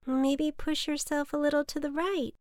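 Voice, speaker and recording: A woman's voice: fairly even intonation, moderate pace, no echo, studio quality, lightly acted. A woman voicing a kind, polite little boy in a children's storybook, earnest and eager. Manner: earnest and eager, raised bright pitch.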